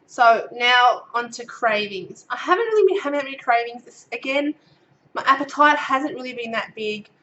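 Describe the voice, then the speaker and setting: A woman's voice: a little high, expressive, moderate pace, sharp tone, lo-fi sound. A woman in her thirties with an Australian accent, giving a casual pregnancy update to camera, a little out of breath and getting over a cold, chatty with many ums as she reads her notes. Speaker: vlogger.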